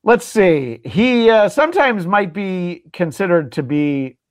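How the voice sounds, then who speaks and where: A slightly high-voiced man hosting a podcast, ridiculing news clips with sarcastic asides. He laughs a lot and trips over his fillers. His voice is close and dry. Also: big pitch swings, takes it slowly, dry recording. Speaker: podcast host. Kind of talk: mocking commentary on news clips.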